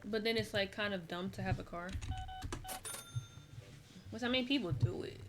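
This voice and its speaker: A tired young woman rambles through a game stream in loose, slangy chat. Her voice sits at an ordinary pitch for a woman. A steady hiss and keyboard clicks run under the talk. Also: moderate pace. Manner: chatty, rambling, relaxed slang. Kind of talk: casual gameplay chat.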